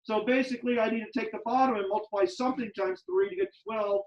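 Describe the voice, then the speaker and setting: A man's voice: sits high, steady tone, quick pace, highs cut off. A male math teacher in a classroom who teaches emphatically, repeats key steps and teases his students with sarcasm.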